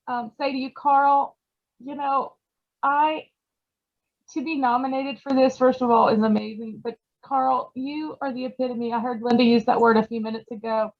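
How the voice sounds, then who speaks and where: Tearful woman on a dull call. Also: high voice. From Georgia, USA. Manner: choked up, halting, many fillers. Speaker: award recipient. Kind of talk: emotional acceptance speech. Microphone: video call.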